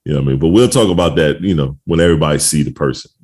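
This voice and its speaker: A man's voice: very deep voice, rapid-fire, a little mellow, husky. A middle-aged man hosting a podcast, talking in a laid-back, casual way with lots of slang and laughter. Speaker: podcast host.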